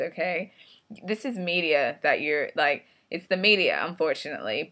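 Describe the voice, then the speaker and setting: Low-voiced, forceful woman ranting frankly. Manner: blunt, profane, frustrated storytelling. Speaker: vlogger. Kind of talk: casual storytelling rant.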